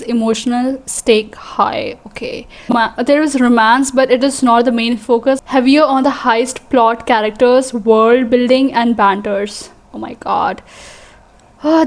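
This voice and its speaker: A young woman with an Indian English accent, chatting excitedly and rambling as a book vlogger. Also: a little high. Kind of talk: casual vlog chat.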